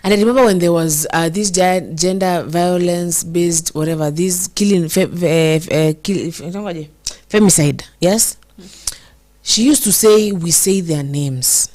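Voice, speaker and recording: A woman's voice: lowish voice, darkish tone. Emotional Kenyan woman hosting commentary. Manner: code-switches English and Swahili, emotional, slows to stress words. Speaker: show host reading viewer comments. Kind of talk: casual commentary.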